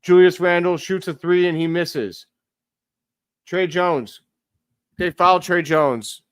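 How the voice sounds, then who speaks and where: A man hosting a live stream, giving casual play-by-play commentary as an excitable fan who talks to his chat. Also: sits high, slow pace, clear, resonant tone, no room sound, studio quality.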